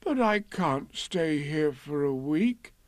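A man doing a soft, plaintive bear. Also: a little high, expressive, slow, echoey room, long reverb tail, voice pushed up. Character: gentle, simple-minded bear, stuck and gloomy.

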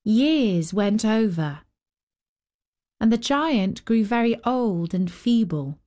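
Slow, lively woman reading a storybook. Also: fairly high pitch. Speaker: storyteller host. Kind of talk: scripted narration.

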